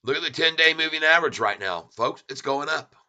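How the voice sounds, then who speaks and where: Bright-voiced excited stock chart commentator. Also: male voice, a little high, fairly quick. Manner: excited, folksy, repeats himself for emphasis.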